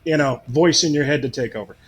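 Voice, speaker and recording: A man's voice: medium pitch, quick pace, slightly rough. An American man co-hosting a casual podcast, joking around, laughing easily and swearing casually. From United States. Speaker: podcast co-host.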